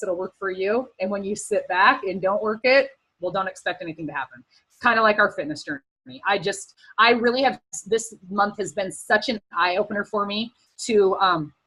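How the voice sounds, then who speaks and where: A woman's voice: medium pitch, bright, forceful tone, breathy edge, rough recording. A woman speaking casually and earnestly on a team video call, giving encouraging advice with many fillers and at times close to tears.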